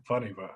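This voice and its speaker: Husky young man chatting in slang. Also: mid-range voice, fairly bright tone. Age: young adult. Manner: slangy, laughs often, repeats words. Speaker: podcast co-host. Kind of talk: casual chat.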